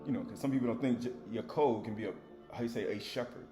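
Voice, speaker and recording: A man's voice: medium pitch, fast talker, music in the background. Preaching man in an echoey room. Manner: informal preaching, rising to emphatic reading. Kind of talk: sermon.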